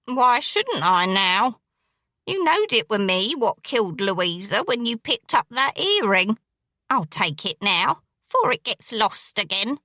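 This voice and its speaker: A menacing, crippled male dressmaker, a killer, as a woman reads him. He confesses in a slow, brooding drawl, in a bright, tense tone. The sound is dry and close, as in an audiobook. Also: a little high, very animated, no room sound, heavily acted. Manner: slow, brooding, coarse dialect.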